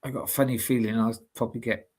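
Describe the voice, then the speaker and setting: A man's voice: medium pitch, flat delivery, fast, darkish tone. Brief: male co-host, rambling casual chat, frequent laughs. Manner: rambling, laughs often, chatty slang. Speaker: livestream co-host.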